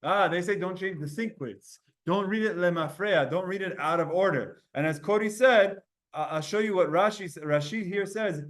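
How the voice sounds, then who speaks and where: A man teaching a Talmud class, explaining in quick bursts, quizzing his students and restarting his sentences often. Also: high-pitched, fairly bright tone.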